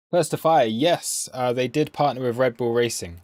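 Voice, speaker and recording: A man hosting a trading livestream, rambling and thinking out loud as he walks through charts in a casual, self-deprecating way. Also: mid-range voice, no echo, studio quality.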